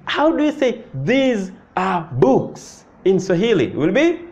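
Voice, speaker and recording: A man's voice: high voice, very animated, a little mellow. A man with a Tanzanian accent teaching a language lesson, patient and repetitive, often checking with "you see that?". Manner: slow, patient, repeats phrases and asks "you see that?". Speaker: Swahili teacher. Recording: muffled lo-fi recording.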